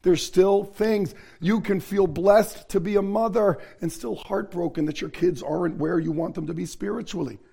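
A pastor preaching an earnest, confessional sermon, dropping to a hush and rising to emphatic lines. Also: male voice, sits high, normal speed, gravelly, hardly any pauses, husky.

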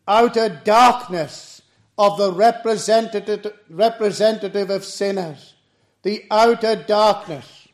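Slow, high-voiced male preacher. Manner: slow, measured, solemn doctrinal delivery. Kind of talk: expository sermon.

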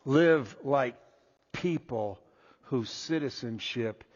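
A man preaching a sermon as pastor, deliberate and restarting his first words. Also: medium pitch, a little mellow. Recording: dull lo-fi echoey hall.

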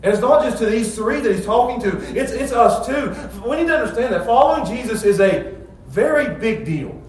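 A man preaching a sermon as a pastor, animated, swinging between loud excited passages and low calm ones. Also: a little fast. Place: church. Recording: echoey room from far off.

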